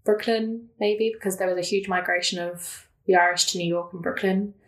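A woman's voice: on the low side, fairly even intonation, moderate pace. A young woman telling stories in casual chat as a podcast guest, laughing often and full of fillers. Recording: roomy echo.

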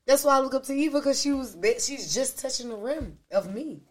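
A woman's voice: high voice, fairly quick. A woman co-hosting a podcast, telling a story in casual chat and acting out what others said. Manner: animated, acts out quotes. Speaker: podcast co-host.

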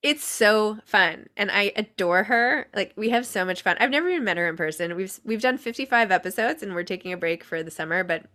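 A woman's voice: medium pitch, expressive, fairly quick, few pauses, sharp tone. A middle-aged woman guest on a podcast, telling a story in a chatty, self-deprecating way and giggling often. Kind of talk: casual interview chat.

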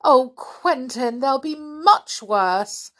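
A woman voicing a worried, tearful middle-aged aunt in a storybook reading, sighing and anxious, with a husky voice. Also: mid-range voice, expressive, a little slow. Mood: distressed. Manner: anxious, sighing, near tears.

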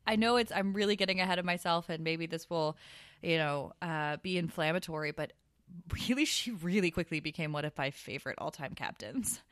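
A woman co-hosting a podcast, chatting casually and animatedly, with quick asides and laughs. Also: on the low side, a bit bright, no echo, studio quality. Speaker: podcast co-host. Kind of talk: casual chat.

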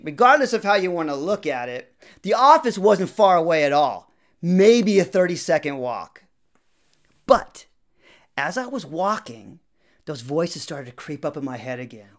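A young man narrating a personal story in a casual, conversational way, acting out what people said. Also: sits high. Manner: lively, conversational, acts out quotes.

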